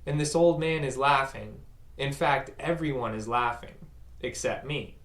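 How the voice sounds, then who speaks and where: A man's voice: mid-range voice, a little slow, fairly bright tone. A man telling a personal story in a conversational, self-mocking way, acting out the voices of the people in it. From United States. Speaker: speaker recounting a personal story. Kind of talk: first-person storytelling talk. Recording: roomy echo.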